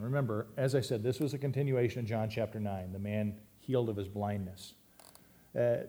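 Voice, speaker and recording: A man's voice: medium pitch, warm tone. A man preaching a sermon to his church, reading scripture and explaining it in a conversational way with emphatic rises and asides. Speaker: pastor.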